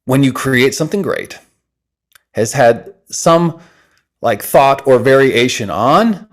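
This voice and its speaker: A man, an interview guest, talking with energy and laughter, then leading a breathing exercise in soft, slow instructions. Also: medium pitch, expressive.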